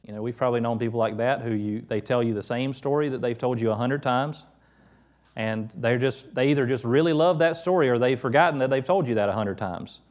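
A middle-aged man preaching at a medium pitch. His sermon is conversational and explanatory. When he quotes the prophets, his delivery rises into animated, quicker bursts. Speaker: pastor.

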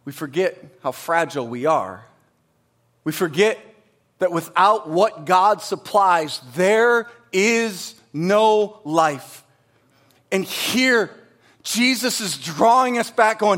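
High-pitched animated male pastor. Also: takes it slowly. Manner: animated preaching, swings from loud emphasis to hushed asides. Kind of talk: sermon.

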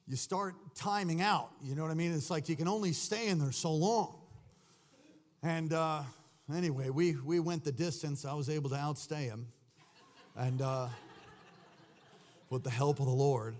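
A male pastor with a fairly high-pitched, darkish voice preaches a sermon, telling a rambling story full of fillers and restarts. He then turns rousing, exhorting his congregation.

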